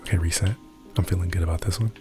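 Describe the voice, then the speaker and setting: A man doing whispered role-play as an ASMR creator, soft-spoken, rambling and self-deprecating. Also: low voice, fairly even intonation, very fast, over music.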